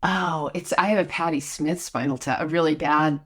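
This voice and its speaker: Female actor guest, low-ish voice, animated storyteller who stumbles over her words with laughter. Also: normal speed, breathy edge. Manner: animated, laughing, stammering retellings. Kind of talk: casual anecdote telling.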